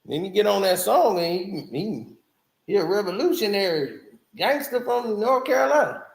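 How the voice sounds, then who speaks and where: A man's voice: high voice, expressive, moderate pace, vocal fry, echoey room. A man giving casual, opinionated commentary as a music reviewer, laughing often and making mocking asides.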